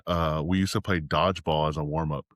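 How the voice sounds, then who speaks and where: A man's voice: a bass voice, fairly even intonation, brisk, a bit bright, dry recording, clean studio sound. A man, a podcast guest from Texas, telling stories in casual, rambling chat and swearing freely.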